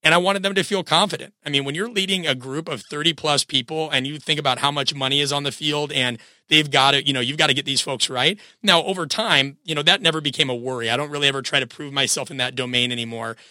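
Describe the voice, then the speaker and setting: A man's voice: on the high side, steady tone, quick pace, hardly any pauses, bright, forceful tone, no room sound, clean studio sound. A man in his thirties, sick with a cold, hosting a solo podcast and coaching his listeners in an earnest, direct way.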